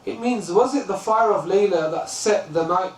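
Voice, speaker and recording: In a lesson on classical poetry, a UK man who teaches religion narrates stories and rattles through chanted verse in a slightly high voice. The mic sits far off in a reverberant room, picking up faint ambience plus a bit of hiss or hum.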